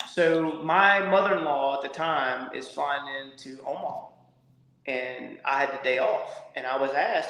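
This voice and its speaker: A middle-aged man, a former college pitcher telling lively stories as a podcast guest and acting out quotes. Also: measured pace, vocal fry. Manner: animated storyteller, acts out quotes. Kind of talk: casual storytelling. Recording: echoey room.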